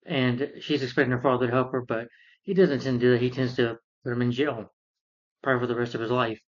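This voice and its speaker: A man's voice: mid-range voice, steady tone, fast talker, dull audio. A man casually recapping a film in a rambling rant, full of fillers and sarcastic asides. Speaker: film reviewer.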